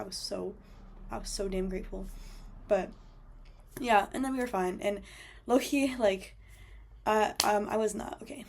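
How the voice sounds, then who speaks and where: A woman's voice: medium pitch, fairly even intonation, moderate pace, vocal fry, long pauses. A young woman telling a travel story as a voice-over, chatty and full of fillers. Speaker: travel vlogger.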